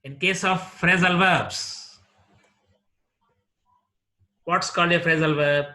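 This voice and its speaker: A man with an Indian English accent teaching a slow, deliberate lesson, repeating word lists one item at a time. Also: fairly high pitch, steady tone, bright, forceful tone. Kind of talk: classroom lecture.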